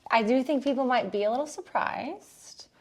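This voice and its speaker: Woman co-host with a slightly high voice, upbeat and agreeable in casual talk. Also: moderate pace. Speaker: podcast co-host. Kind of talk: casual chat.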